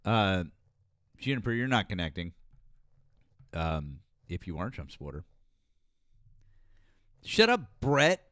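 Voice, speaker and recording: A man's voice: low-pitched, lively intonation, normal speed, long pauses, a bit bright, no room sound, studio quality. A man hosting a live political call-in stream, teasing and joking with callers. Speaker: host. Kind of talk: casual live call-in chat.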